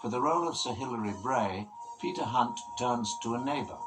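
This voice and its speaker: A man giving scripted documentary narration in a measured, formal way. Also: medium pitch, poor audio. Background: music.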